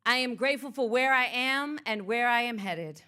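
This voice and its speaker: Woman motivational speaker doing spoken word live, bright punchy voice, a bit high, rhythmic declarations. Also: animated, moderate pace. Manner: rhythmic, declarative, leading call-and-response. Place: art museum event space.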